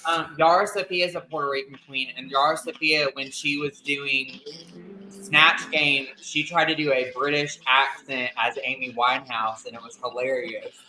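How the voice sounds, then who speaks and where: A man's voice: medium pitch, fairly even intonation, moderate pace, sharp tone, a little hiss or hum, poor audio. A man co-hosting a casual podcast, talking in a chatty, giggly way. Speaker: podcast co-host. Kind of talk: casual chat.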